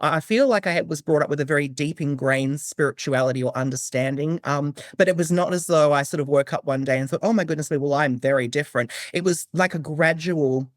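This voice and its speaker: A man as a podcast guest, earnestly telling a personal story, animated and often restarting his sentences. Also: on the high side, fairly quick, few pauses, no echo, studio quality. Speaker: guest, psychic medium. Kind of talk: conversational storytelling.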